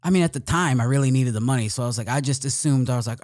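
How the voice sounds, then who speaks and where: A man's voice: medium pitch, racing, darkish tone, dry recording, studio quality. A man, a comedian guest in a casual chat, who jokes around, laughs often and slips into playful voices. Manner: laughs often, jokey and loose with playful impressions.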